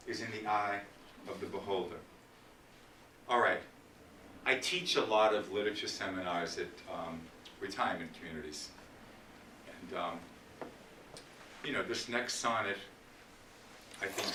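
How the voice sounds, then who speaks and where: A man giving a library lecture on poetry, reciting sonnets slowly and dramatically between chatty asides. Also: lowish voice, bright, forceful tone. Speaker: literature lecturer. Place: library meeting room. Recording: roomy, distant, faint hiss.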